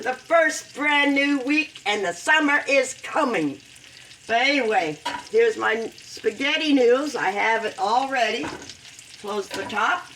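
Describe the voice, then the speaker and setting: A woman hosting a home cooking video, talking through her recipe in a slow, heartfelt way and breaking into loud whooping cheers. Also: medium pitch, far from the mic, a little hiss or hum, low-quality recording. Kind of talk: casual cooking demonstration. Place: home kitchen with food frying.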